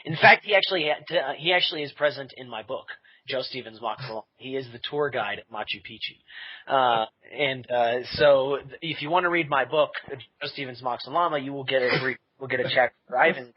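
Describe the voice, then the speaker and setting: A man's voice: medium pitch, fairly quick, breathy edge, dull audio. A man talking casually in a podcast interview, rambling with fillers and restarts and laughing at himself. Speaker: podcast creator being interviewed.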